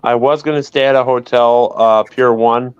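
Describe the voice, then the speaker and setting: A man's voice: mid-range voice, steady tone, normal speed, smooth, dry recording, highs cut off. A man chatting easygoing in a casual group video chat.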